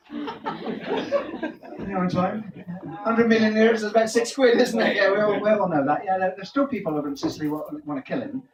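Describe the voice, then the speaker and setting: A man's voice: sits high, moderate pace, long pauses, a crowd in the background. A man doing a stand-up comedy set, telling punchy jokes and quizzing the audience. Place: live comedy venue. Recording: echoey, distant, noisy room recording.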